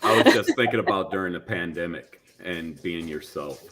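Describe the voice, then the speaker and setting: A man's voice: sits low, moderate pace, bright, forceful tone, a little hiss or hum. A man talking casually on a podcast panel about cosplay, rambling with fillers and restarts.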